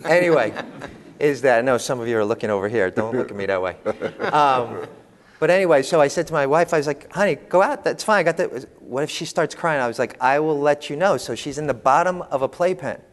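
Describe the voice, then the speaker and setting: A man telling humorous, animated parenting stories to an audience as a panel speaker. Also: medium pitch, a little fast. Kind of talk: storytelling talk to an audience. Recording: long hall reverb.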